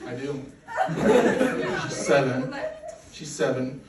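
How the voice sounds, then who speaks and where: A man in his forties, originally from Poland, performing a deadpan, self-deprecating stand-up comedy set on a club stage with a handheld mic. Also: medium pitch, takes it slowly. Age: 40s. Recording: echoey room recording from a distance, loud noise.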